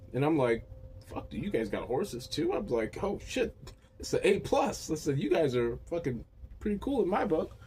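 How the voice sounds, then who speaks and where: A man telling a crude, rambling stand-up story, full of profanity. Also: a little hiss or hum. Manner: crude, profane and rambling, with lively pitch swings. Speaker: comedian.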